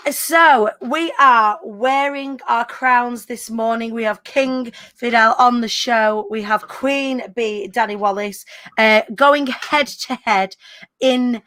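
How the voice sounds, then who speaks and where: A woman's voice: fairly high pitch, slow, a bit bright. A woman, hosting a casual live-stream chat in a bubbly way, full of British slang. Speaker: host.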